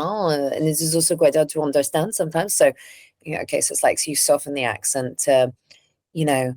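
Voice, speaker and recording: A woman voice actor as an interview guest, candid and animated, laughing often. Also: deep voice, a little fast, no room sound, studio quality. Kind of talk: casual interview chat.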